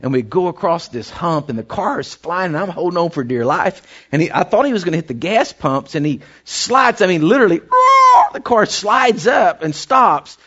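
A man's voice: on the high side, lively intonation, normal speed, hardly any pauses, fairly bright tone. Man, pastor, folksy rambling sermon, muffled lo-fi sound. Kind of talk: storytelling sermon. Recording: dull lo-fi recording.

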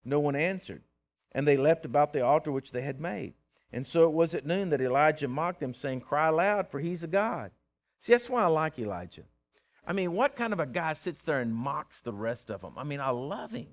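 A man preaching a sermon, folksy and teasing, swinging from loud to hushed. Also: on the high side, lively intonation, a little fast. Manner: plain-spoken, folksy, teasing.

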